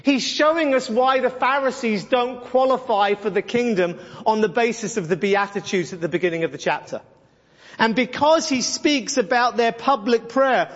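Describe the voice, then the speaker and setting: Preacher, male, very high pitched, blunt and sarcastic, dull echoing hall recording. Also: normal speed. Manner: blunt, sarcastic, mimics voices for effect. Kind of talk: sermon-style Bible teaching.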